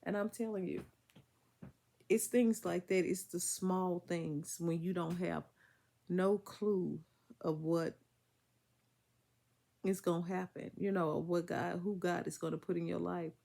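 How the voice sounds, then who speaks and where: Woman vlogger, fry in the voice, casual and emphatic, a bit under the weather. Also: on the low side, fairly even intonation, unhurried, pauses often, warm tone. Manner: chatty, emphatic, Southern US vernacular speech. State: congested, recovering from illness. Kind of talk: casual storytelling to viewers.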